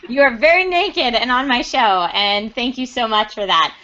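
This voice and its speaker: A woman's voice: a little high, moderate pace, pushed and bright, highs cut off. A woman hosting a casual chat show, bubbly and upbeat. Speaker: podcast host.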